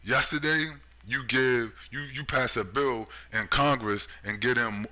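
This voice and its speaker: A man's voice: medium pitch, measured pace, pushed and bright. Sarcastic profane man ranting. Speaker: political commentator. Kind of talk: ranting monologue.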